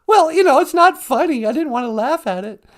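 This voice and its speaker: A woman co-host telling an anecdote in a giggly, animated way. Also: high-pitched, brisk.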